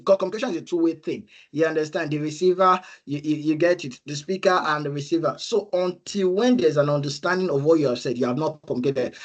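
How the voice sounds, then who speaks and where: On a webinar, a man with a fairly high-pitched voice offers career advice earnestly and repetitively. He often pleads "please" and asks "you understand?"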